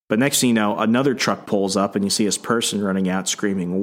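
A man co-hosting a podcast, casually recapping a comic book story in an animated way. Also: lowish voice, moderate pace, few pauses. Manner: animated storytelling with acted-out voices. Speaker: podcast co-host.

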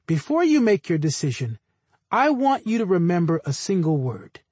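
A man voicing a smooth defense lawyer addressing a jury, persuasive and insinuating. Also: high voice, big pitch swings, moderate pace, darkish tone, no echo, full character voice.

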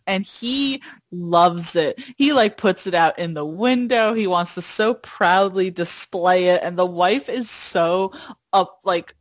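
A woman chatting casually, telling stories in an animated way and acting out quotes with frequent laughter. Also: medium pitch, dry recording. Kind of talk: casual chat.

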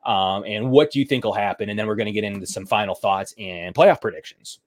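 Low-voiced man talking football casually. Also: fairly quick. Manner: loose, filler-heavy game prediction. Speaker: podcast co-host. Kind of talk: casual sports podcast chat.

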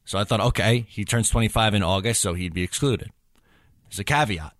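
Male podcast co-host, low-pitched, filler-heavy casual talker, dry booth sound. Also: a little fast, fairly bright tone, dry recording. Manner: rambling, filler-heavy, overthinking. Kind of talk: casual chat.

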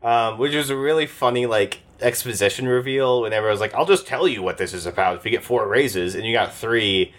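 A man's voice: mid-range voice, fairly quick, few pauses, a bit bright. A man who ran a tabletop game, talking it over casually and rambling with many fillers and restarts. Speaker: game master. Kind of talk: casual post-game chat.

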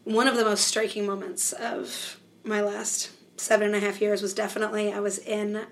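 A woman missionary being interviewed, telling stories in an animated way with lots of "like" and acted-out dialogue. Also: mid-range voice, normal speed. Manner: animated storyteller, many "like"s, acts out dialogue. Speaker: missionary guest. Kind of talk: conversational interview.

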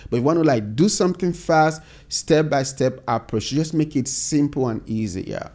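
A man's voice: a little high, moderate pace, a little mellow. A man, a company founder, talking earnestly in a casual interview, explaining his ideas step by step. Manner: earnest, explains in steps with repeated phrases. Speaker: software company founder, guest.

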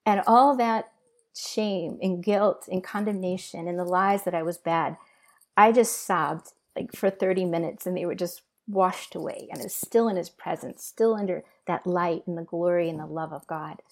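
A middle-aged woman sharing an emotional personal testimony in an earnest, halting way with many pauses and fillers. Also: fairly low pitch. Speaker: guest sharing her testimony.

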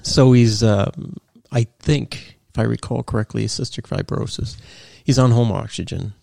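A man with a gravelly, rough-edged voice, recorded dry and close with no room sound. He speaks in a measured, agreeable way, checking in with the listener as he tells his own work story. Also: medium pitch, warm tone, no room sound. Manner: agreeable, measured, ends remarks with "right?". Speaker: podcast host and paramedic. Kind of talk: casual conversation.

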